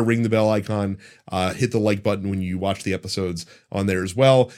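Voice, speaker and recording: A man hosting a casual podcast who chats loosely and laughs often. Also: mid-range voice. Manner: laughs often, lively and chatty. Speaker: podcast host.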